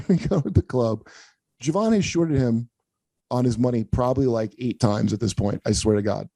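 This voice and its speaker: A man's voice: mid-range voice, moderate pace, creaky, mellow, no echo. A man hosting a comedy podcast, telling rambling, profane stories in casual chat. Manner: profane, rambling anecdotes with acted-out quotes.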